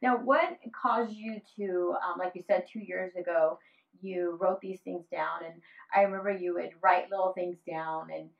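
A woman's voice: lowish voice, fairly even intonation, moderate pace, gravelly. An older woman hosting a casual conversation, telling a family story with laughter and often saying "mm-hmm" in agreement. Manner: warm storytelling, laughing, affirming. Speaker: host. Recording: distant, dull lo-fi audio.

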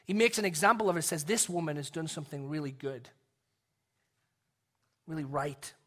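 A male pastor with young kids preaching a sermon, earnest and dropping to a soft hush to make a point. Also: fairly high pitch, animated, moderate pace.

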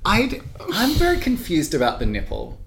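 A man's voice: sits high, wildly swooping pitch, fairly quick, fairly bright tone. A man co-hosting a podcast in casual chat, rambling through stories with many fillers and frequent laughs. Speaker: podcast co-host.

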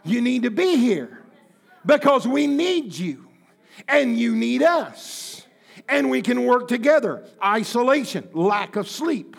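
A pastor in his fifties preaching a sermon in church, impassioned and folksy, with bursts of shouting. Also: extremely high pitch, very animated, slow, vocal fry. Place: church sanctuary.

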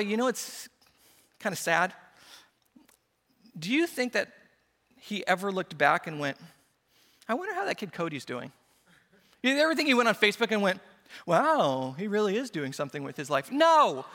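A man's voice: high-pitched, bright, forceful tone. A man preaching a sermon as a pastor, telling stories with playful acted-out quotes. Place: church. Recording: church hall reverb.

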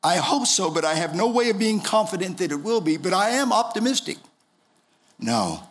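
Impassioned high-voiced male preacher. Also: big pitch swings, normal speed. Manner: impassioned preaching, swings from soft to shouting. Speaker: pastor. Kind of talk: sermon. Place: church.

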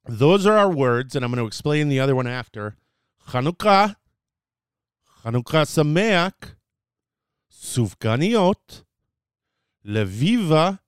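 Man, casual lesson host, chatty, clear smooth voice, dry close sound. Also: medium pitch, no echo. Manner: chatty and playful, with fillers and self-corrections. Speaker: host teaching Hebrew words.

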